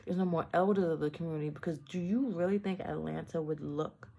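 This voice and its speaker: A woman's voice: low-pitched, brisk, creaky, warm tone. A woman from the Bronx in a casual, rambling monologue, blunt and profane, often breaking off mid-thought with playful asides. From the Bronx, New York. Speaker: vlogger.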